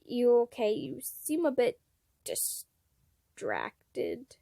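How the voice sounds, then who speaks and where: A woman's voice: on the high side, huge pitch swings, extremely slow, gravelly, warm tone, no room sound, studio quality, exaggerated voice. A woman voicing an anxious, sarcastic young man who yelps and gets flustered. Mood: teasing. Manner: yelping, breaking into laughter.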